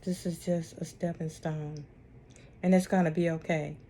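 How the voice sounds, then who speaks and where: A woman's voice: low-pitched, flat delivery, normal speed, a little hiss or hum. A woman hosting an online ministry talk, speaking in a casual, heartfelt and reassuring way, repeating her comforting points often. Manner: warm, repetitive, reassuring.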